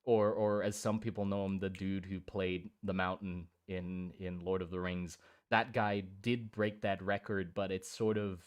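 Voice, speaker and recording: A man's voice: deep voice, level tone, a little slow, smooth. A young man from Germany and Thailand chatting casually on a live stream, rambling with many restarts and casual swearing. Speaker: streamer drawing miniatures.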